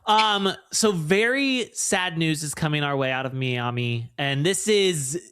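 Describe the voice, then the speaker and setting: A man hosts a casual podcast, gushing and chatty as he introduces a guest. His voice sits fairly high for a man. The sound is dry and close to the mic. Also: animated, a little slow, a bit bright, clean tone, no room sound. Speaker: podcast host.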